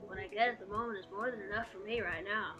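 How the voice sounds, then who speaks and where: A woman voicing a gruff, reserved male werewolf bodyguard in a game, with a low scratchy voice and game music behind. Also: steady tone, quick pace, lightly acted. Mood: guarded.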